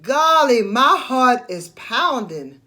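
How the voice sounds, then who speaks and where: A woman voicing a clumsy, cheerful male cartoon dog in a storybook read-aloud, speaking loudly and excitedly. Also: fairly high pitch, slow, full character voice. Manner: loud, excited, exclaiming.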